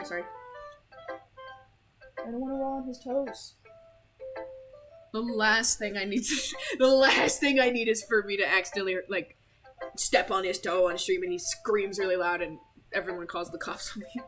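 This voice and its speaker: A woman's voice: mid-range voice, fairly bright tone, rough recording. A young woman streaming a game, chatting in a playful, giggly, rambling way. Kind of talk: casual live-stream chat while playing a game.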